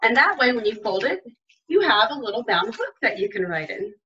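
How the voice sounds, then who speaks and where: A woman teaching a writing lesson to young children, modeling aloud and sounding out letters slowly and with exaggeration. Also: on the high side, big pitch swings, bright, forceful tone, roomy sound, recorded from a distance, dull audio, a little hiss or hum.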